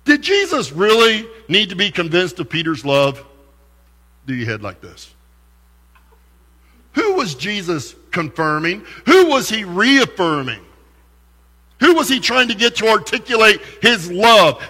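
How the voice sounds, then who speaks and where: A man's voice: high-pitched, moderate pace, long reverb tail. A man preaching a sermon as pastor, asking his congregation rhetorical questions and acting out the quoted speech of scripture figures. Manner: expressive, acts out quoted speech.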